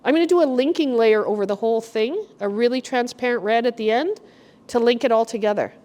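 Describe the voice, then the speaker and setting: A middle-aged woman curator giving a chatty, animated walk-through talk to a group in an art gallery. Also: a little high, a little fast. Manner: chatty, animated storyteller, addresses the group directly. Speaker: guest curator. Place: art gallery exhibition room.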